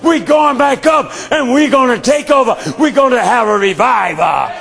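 A man preaching voices a triumphant male savior rallying his followers with loud shouts. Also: extremely high pitch, moderate pace, gravelly, a crowd in the background, noisy background, full character voice.

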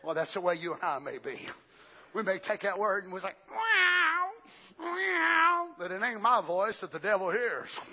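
An older preacher with a high, sharply bright voice, swinging from shouted cries to hushed stretches. The recording is dull and lo-fi. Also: male voice, slight background noise. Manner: shouting and drawn-out for emphasis, then hushed and low. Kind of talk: sermon.

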